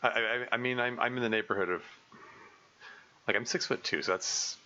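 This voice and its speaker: A man's voice: mid-range voice, normal speed, bright, forceful tone, dull audio. A man streaming a visual novel, rambling and thinking aloud with many restarts.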